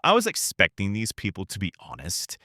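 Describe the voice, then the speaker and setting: A man's voice: fairly low pitch, huge pitch swings, fairly quick, sharp tone, no echo, studio quality. A man delivering a furious personal rant, cursing and emphatic. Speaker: video creator.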